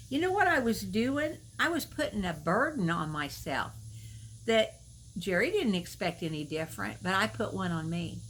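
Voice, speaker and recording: A woman's voice: on the high side, expressive, normal speed, fairly bright tone, poor audio. Folksy woman preaching to the viewer. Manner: folksy, storytelling, emphatic, asks the viewer questions. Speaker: Christian video minister. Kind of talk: devotional talk to camera.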